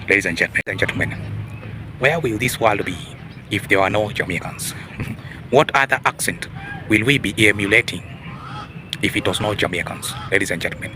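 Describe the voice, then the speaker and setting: A man with a fairly low voice hosts a preachy opinion monologue against a noisy background. He keeps saying "ladies and gentlemen" and throws rhetorical questions like "huh?" at the audience.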